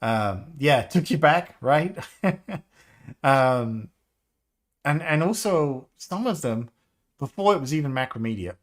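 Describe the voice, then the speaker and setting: A man in his fifties chatting casually on a live stream, rambling, nostalgic and quick to laugh. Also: mid-range voice, expressive. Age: 50s. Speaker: game developer livestreamer.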